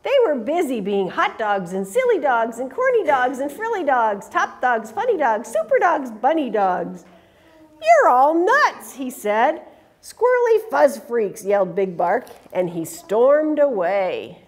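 A woman reading a picture book aloud to young children, in an animated, sing-song, coaxing way. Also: on the high side, a little slow, few pauses. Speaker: children's storyteller. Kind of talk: storytime read-aloud to children.

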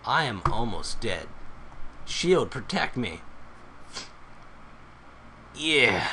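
A man recording himself at home while he plays a computer game, excitable, exclaiming often and swearing freely. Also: fairly low pitch, unhurried, slight background noise. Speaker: gamer recording his play. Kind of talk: casual gameplay vlog.

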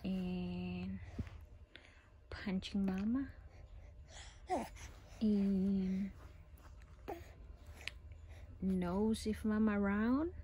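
A woman's voice: medium pitch, steady tone, drawn-out words, long pauses, highs cut off, a little hiss or hum. A mother cooing and baby-talking to her infant, playful and often whispering.

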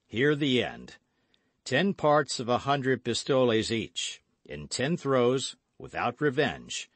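A man voicing a calm, worldly older male musketeer in an audiobook, speaking in a measured, deliberate way. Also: medium pitch, no room sound, voice pushed up.

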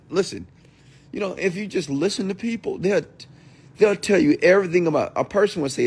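A man's voice: high voice, fairly quick, darkish tone, slightly rough. A middle-aged man, an entrepreneur and mentor, hosting a late-night livestream rant in a blunt, profane manner. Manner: blunt, profane, mocks whiny voices.

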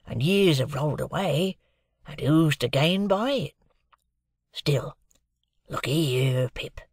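Old convict, slow and husky, hoarse hush; narrator voices him. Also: male voice, fairly high pitch, expressive, no echo, clean studio sound, exaggerated voice. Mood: earnest, confiding. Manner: coarse dialect, hoarse hushed urgency. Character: rough older male convict, fiercely devoted.

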